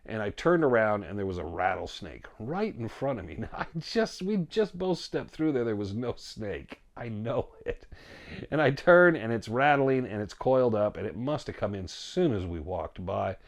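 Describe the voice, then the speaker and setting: Low gravelly man telling a story. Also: moderate pace. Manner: animated retelling, quotes himself and his friend, laughs often. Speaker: storyteller guest. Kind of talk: casual spoken storytelling.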